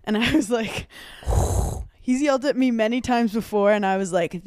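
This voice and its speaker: A young woman with a fairly high voice, chatty and animated as she tells her stories, laughing often. She sounds close and dry on the mic, with no room around her. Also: moderate pace, no echo. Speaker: podcast guest. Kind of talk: casual chat.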